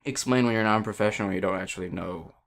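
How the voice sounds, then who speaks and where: A man's voice: on the low side, fast talker, fairly bright tone. A man talking casually and loosely about his own streaming setup, rambling a bit and calling himself a non-professional. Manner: rambling, loose, self-deprecating. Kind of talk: casual unscripted tech talk. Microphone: desk mic with compressor.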